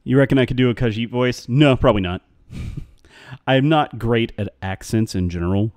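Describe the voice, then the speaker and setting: A man's voice: medium pitch, moderate pace, a little mellow, no echo, studio quality. A man chatting casually on a live game stream, rambling and answering his chat.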